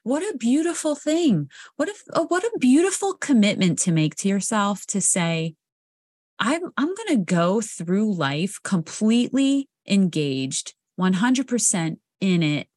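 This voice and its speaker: A woman's voice: medium pitch, big pitch swings, a little slow, darkish tone, dry recording, studio quality. A woman co-hosting a podcast about recovery, talking candidly in casual chat, swearing freely and laughing often. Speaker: podcast co-host.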